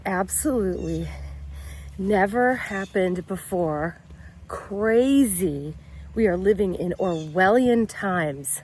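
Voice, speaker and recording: A woman's voice: medium pitch, animated, a little slow, a little hiss or hum. Blunt, swearing woman vlogging outdoors. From United States. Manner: blunt, heavy swearing, exasperated. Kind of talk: casual opinion vlog.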